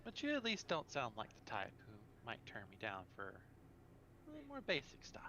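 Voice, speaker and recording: A man voicing a sultry, scheming female spirit dealer on the phone, teasing and coaxing in a low, slow voice. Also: huge pitch swings, bright, forceful tone, slight background noise, exaggerated voice.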